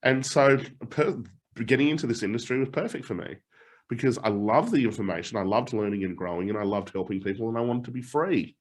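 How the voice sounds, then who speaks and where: A middle-aged motivational coach leads a live online challenge in a brisk, medium-pitched voice. He tells personal stories animatedly, laughing often and swearing casually.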